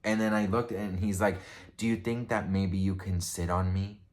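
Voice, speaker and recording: A man's voice: low voice, steady tone, normal speed. A man vlogger telling a personal story in a casual, rambling way, full of fillers and restarts. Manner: rambling, filler-heavy, chatty.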